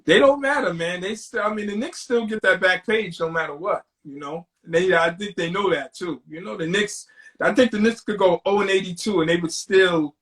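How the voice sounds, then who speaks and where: High-voiced laid-back New man. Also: moderate pace, fairly bright tone, distant mic. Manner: laid-back, laughs often. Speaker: guest. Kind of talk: casual chat.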